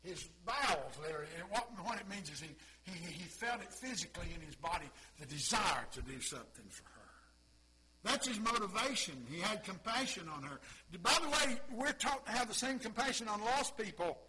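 A man preaching a sermon, impassioned, moving between quiet asides and loud exclamations. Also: sits high, expressive, a little fast, a little hiss or hum, rough recording. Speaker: pastor.

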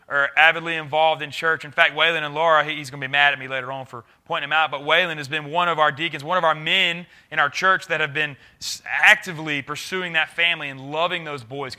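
A youth pastor with a slightly high voice preaches a sermon earnestly, swinging between loud urging and quiet intensity.

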